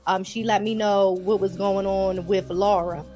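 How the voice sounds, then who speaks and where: A woman's voice: mid-range voice, fairly even intonation, a little slow, warm tone, faint music behind. A woman with a Baltimore accent, chatting casually to her viewers as she recaps a TV episode. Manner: chatty, addresses viewers as y'all. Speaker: TV episode reviewer.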